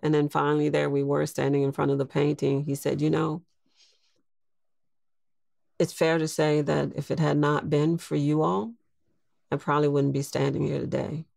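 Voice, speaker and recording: A woman in her sixties, a podcast guest telling a personal story in a slow, reflective way. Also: sits low, little pitch movement, gravelly, a little mellow, no echo, clean studio sound. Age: 60s. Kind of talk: storytelling interview.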